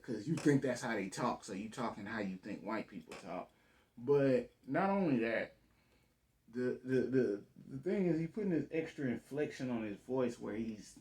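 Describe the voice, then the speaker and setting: A man's voice: medium pitch, a little mellow. A man giving casual reaction commentary on a debate clip, blunt, slangy and profane, talking over the clip.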